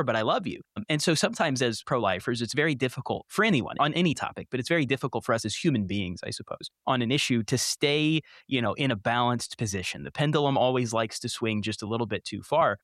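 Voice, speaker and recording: Quick-talking guy hosting an interview, dry sound. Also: mid-range voice, a bit bright, no echo. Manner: fluent, conversational, asks long questions. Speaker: host.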